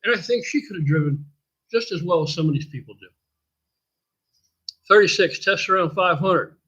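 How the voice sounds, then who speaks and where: An older man talks on a live stream, rambling and swearing freely in a husky voice that sits a bit high for a man. The sound is dull and lo-fi. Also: lively intonation, normal speed, pushed and bright. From United States. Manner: blunt, profane and rambling. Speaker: host. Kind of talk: casual live-stream chat.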